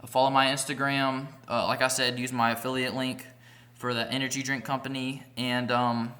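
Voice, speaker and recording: A man's voice: medium pitch, level tone, normal speed, bright, forceful tone. A young man vlogger telling a rambling, profane story in a casual storytime vlog, packed with "like" fillers. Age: young adult.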